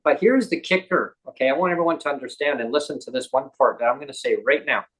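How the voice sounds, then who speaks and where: A man with a Canadian accent, a guest on a talk show, telling a personal story in a casual, animated way and acting out the voices of others. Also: mid-range voice, quick pace, poor audio.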